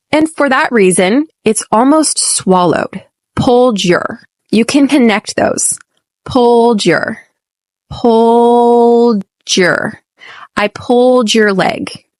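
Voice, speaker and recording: An American woman hosting an English lesson podcast, speaking clearly and deliberately and modeling phrases slowly for repetition. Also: medium pitch, no echo, studio quality. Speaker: podcast host and English teacher.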